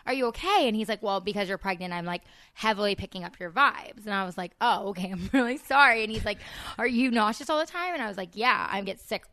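A woman as a podcast guest, chatting casually and acting out quotes in animated stories. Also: mid-range voice, fast talker, few pauses, no room sound. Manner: animated storyteller, acts out quotes. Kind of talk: casual chat.

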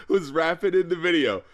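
A man hosts a casual podcast chat, often laughing and slipping into quoted voices. His voice is high for a man. His pitch swings in a lively way. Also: unhurried. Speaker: podcast host.

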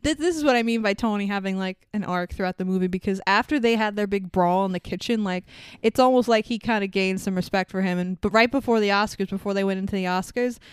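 A woman with a strikingly clear, smooth voice talks through a film's plot in casual podcast chat. She is animated, swears freely and slips into the characters' lines as she goes. The sound is close and dry. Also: medium pitch, fast talker, dry recording. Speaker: podcast co-host. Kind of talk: casual movie recap chat.

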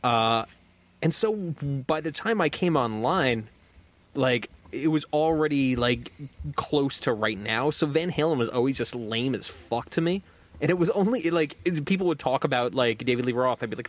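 A man co-hosting a podcast in casual chat, animated and swearing freely. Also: mid-range voice, normal speed. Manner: animated, swears a lot, laughs loudly. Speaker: podcast co-host.

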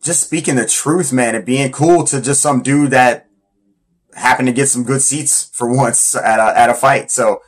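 A man's voice: medium pitch, steady tone, normal speed. Slangy, rambling man talking casually. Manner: loose, rambling, slangy and enthusiastic. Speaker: Muay Thai fighter counting down his influences. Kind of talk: casual countdown talk.

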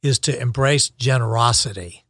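A man's voice: medium pitch, normal speed, a bit bright, no room sound, studio quality. A man co-hosting a podcast in casual chat, reflective and encouraging, often restarting his phrases. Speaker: podcast co-host.

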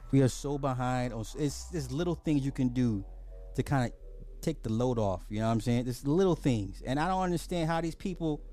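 A man's voice: mid-range voice, animated, brisk, dark tone. A man hosting a podcast, ranting bluntly in casual social commentary, full of profanity and sarcastic apologies. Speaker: podcast host.

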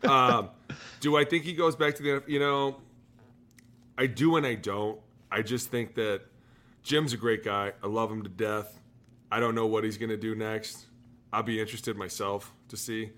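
Man, ex-NFL lineman, podcast co-host; energetic storyteller, bright tone. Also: on the low side, moderate pace. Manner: animated storyteller, shouts out quoted lines. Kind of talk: casual storytelling chat.

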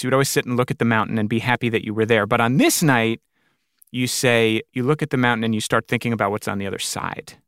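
A man's voice: medium pitch, fairly bright tone, no room sound, studio quality. A man hosting an interview, asking thoughtful questions and retelling his guest's stories. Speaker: interviewer host. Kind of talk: casual interview.

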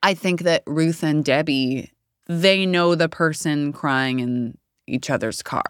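Brief: woman, 30s, low smooth voice, candid rambling interview guest. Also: slow pace, no room sound, clean studio sound. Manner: candid, rambling, laughs often. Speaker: actor guest. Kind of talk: casual interview chat.

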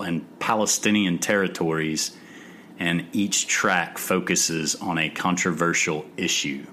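A man's voice: sits low, fairly bright tone, slight background noise. A man hosting a music podcast, reading album facts in a matter-of-fact way. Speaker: podcast host.

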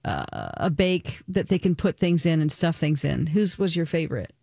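A woman's voice: sits low, normal speed, gravelly, dark tone, breathy edge, no echo, clean studio sound. A woman co-hosting a morning radio show, chatting casually and explaining things at length. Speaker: radio co-host. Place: radio studio.

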